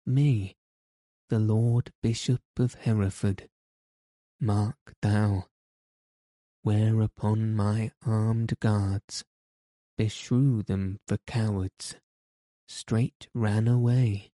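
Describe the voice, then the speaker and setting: A self-important old-world bishop airs his grievances in a low, flat, very slow and very dark voice, as a man reads him aloud. The storybook recording is dry and close. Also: dry recording. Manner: aggrieved, self-important complaining. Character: pompous indignant male bishop, portly. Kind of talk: audiobook character reading.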